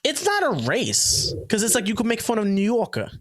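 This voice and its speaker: A man hosting a podcast in casual chat, loud, joking and full of slang. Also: high-pitched, huge pitch swings, normal speed. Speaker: podcast host.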